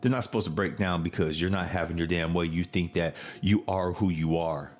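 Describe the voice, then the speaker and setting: A man with a very low, deep voice talks casually on his podcast. He is blunt and profane, and he laughs as he tells family stories. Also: fairly even intonation, fairly quick. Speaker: podcast host. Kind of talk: casual chat.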